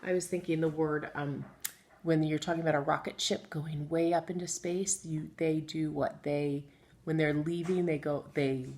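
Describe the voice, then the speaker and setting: Woman teacher for a kids' phonics lesson; low, slightly gravelly voice, patient, encouraging, spells words out slowly. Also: a little mellow. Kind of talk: phonics lesson for young children. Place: classroom with chalkboard. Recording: echoey room, faint ambient noise.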